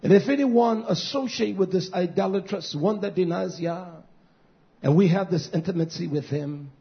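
A middle-aged man preaching a fiery sermon, scolding, dropping to low mutters and whispers, then rising into loud outbursts. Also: moderate pace, creaky. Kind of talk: fiery street-style sermon. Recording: muffled lo-fi recording.

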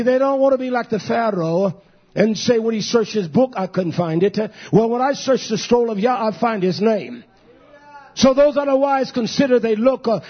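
A male pastor preaching a fiery sermon, swinging from shouted swells to low muttered asides. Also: slightly rough. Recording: dull lo-fi recording.

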